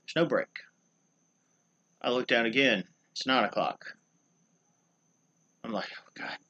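A young man co-hosts a casual podcast. He tells a long, rambling story in an animated way and throws in wrestling slang. His voice sits at a middle pitch. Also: lo-fi sound. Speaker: podcast co-host.

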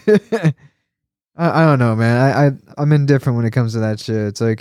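Profane rambling guy with a dark voice. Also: mid-range voice, normal speed, clean tone, dry recording, studio quality. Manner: profane, rambling, laughs often, animated when complaining. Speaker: podcast host. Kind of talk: casual chat.

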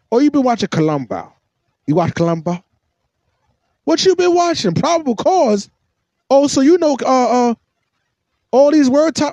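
Brief: sarcastic male podcast host, high and swooping pitch, bone-dry recording. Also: darkish tone, no echo, muffled recording. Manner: mocking, sarcastic, swings between shrill and low. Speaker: podcast host commentating on a clip. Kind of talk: reaction commentary.

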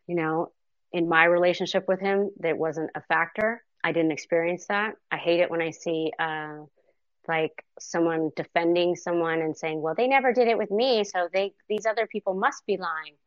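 Halting woman on a muffled audio chat. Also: on the low side, no echo. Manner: halting, with many restarts and fillers. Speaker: guest in an online audio chat. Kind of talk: live audio chat answer.

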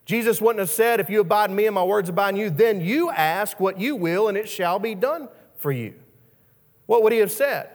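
High-voiced man preaching in a reverberant hall. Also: expressive, fairly quick. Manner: repeats words as he restarts, asks the listeners questions. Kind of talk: sermon.

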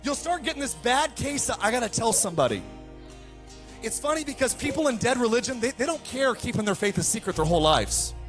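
A man preaching a fired-up sermon to his church, swinging from hushed passages to shouted ones. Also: extremely high pitch, big pitch swings, fairly quick, soft background music. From United States. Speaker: pastor.

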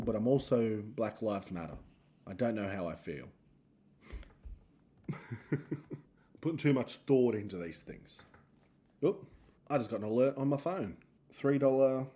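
An Australian man riffs through a solo comedy podcast with a relaxed, mellow tone. He talks in a loose, rambling way and keeps poking fun at himself with jokey asides. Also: mid-range voice.

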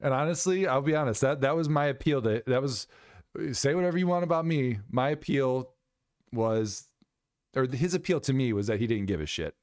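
A man's voice: mid-range voice, animated, moderate pace, darkish tone, smooth, dry recording, studio quality. A young man co-hosting a podcast in loose, profane casual chat, laughing often. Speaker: podcast co-host.

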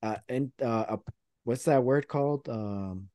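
A man's voice: mid-range voice, measured pace, warm tone, no echo, studio quality. A man hosting a podcast, rambling through a play-by-play retelling in casual chat. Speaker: podcast host.

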